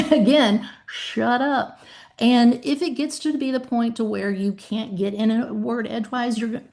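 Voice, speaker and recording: A woman's voice: a little high, moderate pace, a little mellow. A woman hosting a podcast in casual conversation, speaking emphatically and acting out calls with claimants. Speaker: podcast host and author.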